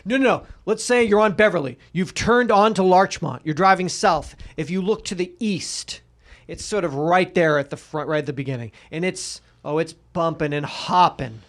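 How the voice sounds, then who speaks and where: A man's voice: sits high, moderate pace, a bit bright. A man co-hosting a podcast in casual comedic banter, ranting with profane, mock-outraged energy. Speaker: podcast co-host.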